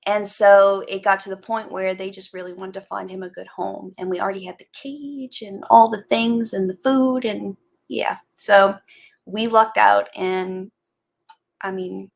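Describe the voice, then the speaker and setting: Chatty woman with a gravelly edge. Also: medium pitch, fairly even intonation, unhurried. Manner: rambling, chatty, greets viewers by name. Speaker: livestream host chatting with viewers. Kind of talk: casual live chat.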